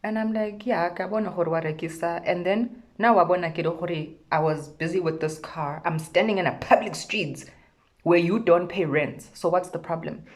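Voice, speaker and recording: A young woman with a South African accent tells a story in a casual vlog, with a low-pitched voice. She is sassy and animated, and she acts out the lines of people in the story. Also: moderate pace. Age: young adult. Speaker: vlogger.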